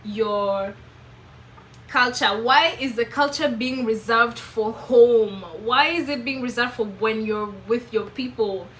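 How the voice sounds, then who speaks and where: A woman's voice: on the high side, fairly bright tone, slight background noise, low-quality recording. A young woman with a Kenyan accent talking earnestly to camera in a reflective personal vlog, asking herself question after question. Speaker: vlogger.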